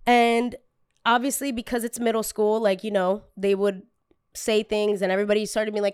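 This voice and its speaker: A woman's voice: mid-range voice, steady tone, brisk, smooth, dry recording, studio quality. A young woman content creator candidly telling a personal story, emotional and full of casual fillers.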